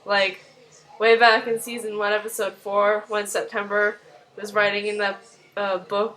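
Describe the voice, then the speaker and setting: A woman's voice: medium pitch, fairly bright tone, rough recording. A young woman casually retelling a TV episode, rambling and full of fillers. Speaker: video recap host.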